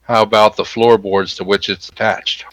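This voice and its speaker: A man playing a tabletop game, asking methodical, deliberate questions. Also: fairly low pitch, flat delivery, a bit bright, no room sound, rough recording. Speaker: player. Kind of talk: casual tabletop play.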